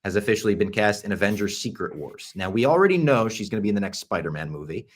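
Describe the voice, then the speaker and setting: A man hosting a podcast, chatting casually and enthusiastically, sometimes dropping to a hush for asides. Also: fairly low pitch, lively intonation, fast talker. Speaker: podcast host.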